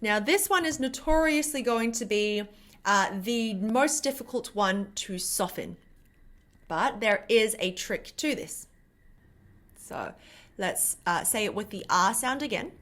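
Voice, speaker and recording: Young woman teaching korean sounds, talks slow, repeats syllables loud and clear, bright voice. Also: fairly high pitch, lively intonation. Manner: demonstrates sounds slowly with louder repeated syllables. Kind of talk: pronunciation lesson to camera.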